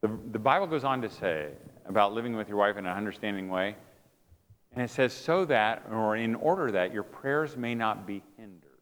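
In front of a live crowd in a hall, a preacher with a low-ish, fairly bright voice delivers a humorous sermon built on self-deprecating tales about his family.

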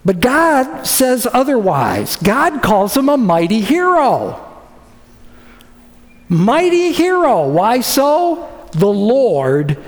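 A man preaching a sermon as pastor, animated and acting out quoted voices. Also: very high voice, extremely slow. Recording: reverberant hall.

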